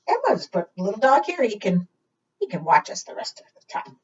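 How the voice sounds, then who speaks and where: A woman librarian reading a picture book to preschool children, animated, asking them questions and singing along. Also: medium pitch, brisk, husky. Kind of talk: preschool storytime read-aloud. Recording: distant, dull lo-fi sound.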